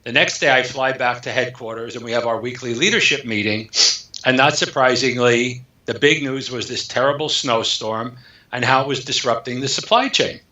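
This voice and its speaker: Brief: male author guest, bright tone, lively storyteller who acts out dialogue, echoey and dull recording. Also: mid-range voice, moderate pace. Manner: animated storyteller acting out dialogue. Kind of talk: storytelling interview.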